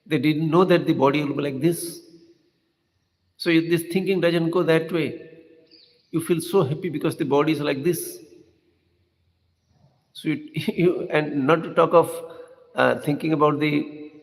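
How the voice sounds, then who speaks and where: Gravelly man giving a rambling spiritual talk. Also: a little high, steady tone, unhurried, pauses often. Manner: rambling and conversational, with rhetorical questions, tag "hmm?" and soft chuckles. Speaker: spiritual teacher. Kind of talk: unscripted spiritual discourse. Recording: long hall reverb.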